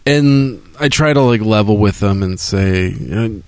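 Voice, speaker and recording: A man's voice: fairly low pitch, measured pace, smooth, no echo. A man telling laid-back, profane anecdotes in casual chat. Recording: dry close mic.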